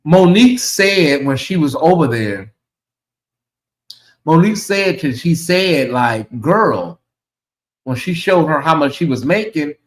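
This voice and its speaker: A man hosting his own livestream, chatting casually and reacting out loud to messages from viewers. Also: a little high, measured pace, pauses often, reverberant, low-quality recording. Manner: chatty, animated, reacts aloud to comments. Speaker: channel host.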